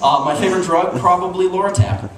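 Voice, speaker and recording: On a comedy club stage, a young Utah man runs through a stand-up set, his high voice moving quickly as he tells lively stories and talks to the audience. It's recorded from a distance in an echoey, noisy room, with laughter and crowd noise behind him.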